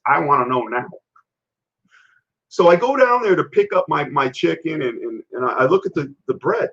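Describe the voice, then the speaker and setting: This health and fitness show host has a fairly high, gravelly voice and talks at a normal speed. On his casual live-stream he tells blunt, rambling, animated stories, captured in dull lo-fi audio.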